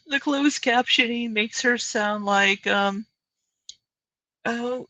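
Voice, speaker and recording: Gravelly, husky woman host, slow and sharp. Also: on the high side, lively intonation, no room sound, poor audio. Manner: mocking, dry sarcasm. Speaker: commentary channel host. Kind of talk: sarcastic reaction commentary.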